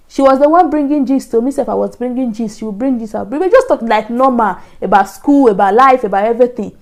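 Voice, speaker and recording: A Nigerian woman vlogger telling a personal story in a lively, animated way, acting out the voices she quotes. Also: a little high, fast talker, hardly any pauses. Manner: animated, acts out quoted voices, frequent laughs. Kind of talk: casual storytelling.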